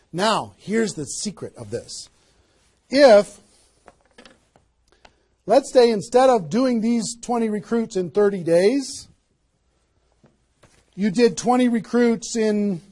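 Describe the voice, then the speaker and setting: A man giving a motivational seminar talk as a network marketing trainer, energetic and emphatic, firing rhetorical questions at a live audience. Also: high voice, slow, long pauses.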